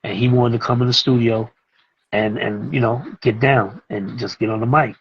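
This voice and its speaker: A middle-aged man, a music producer and teacher talking as a guest in a casual interview, telling animated stories and acting out what others said. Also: mid-range voice, normal speed, slightly rough, lo-fi sound. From Brooklyn, New York. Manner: animated, acts out other people's lines as he tells a story.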